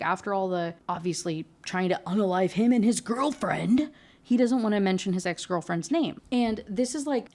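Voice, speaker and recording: A woman's voice: medium pitch, darkish tone. A woman book reviewer recapping a story in a chatty, rambling rant, full of "like".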